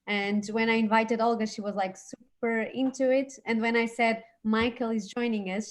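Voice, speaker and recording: A woman's voice: a little high, fairly even intonation, moderate pace, few pauses. Woman hosting a webinar, umming often. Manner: hesitant, many fillers. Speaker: webinar host. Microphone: video call.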